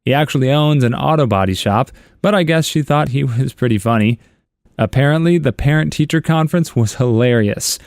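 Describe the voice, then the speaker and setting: A man's voice: medium pitch, brisk, darkish tone, no room sound. Wry man reading stories, dry sound. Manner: chuckling, wry asides between stories. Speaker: story narrator. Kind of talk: reading internet stories aloud.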